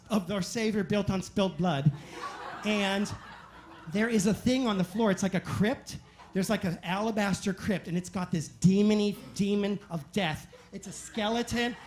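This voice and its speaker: A man telling animated, self-mocking stories as a stand-up comedian on a club stage. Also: high-pitched, slight background noise. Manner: animated, self-mocking anecdotes with quick asides. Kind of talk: stand-up storytelling.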